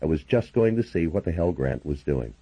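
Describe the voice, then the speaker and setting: Deep husky male audiobook narrator. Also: expressive, brisk, mellow, low-quality recording. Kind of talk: first-person audiobook narration.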